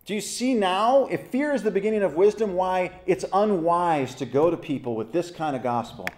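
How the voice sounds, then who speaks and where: Male pastor, Bible study leader, lively and questioning, mellow tone. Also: high-pitched, moderate pace. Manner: animated, asks the group questions, acts out voices in stories.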